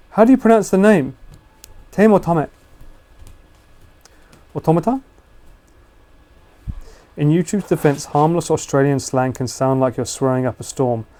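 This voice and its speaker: Streaming live from home, this UK livestreamer talks informally with his audience and laughs and jokes frequently. He has a slightly high voice with a dark tone.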